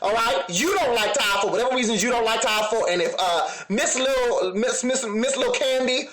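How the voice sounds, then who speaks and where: A man's voice: extremely high pitch, moderate pace, a bit bright, roomy sound. A man giving a sassy, laughing commentary, talking straight to his viewers. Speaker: reality TV reviewer.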